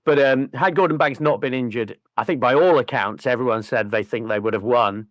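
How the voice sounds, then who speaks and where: A podcast co-host with a medium-pitched voice tells stories in casual chat, talking briskly, swearing freely and doing voices with lively energy. The recording is dry, with the highs cut off.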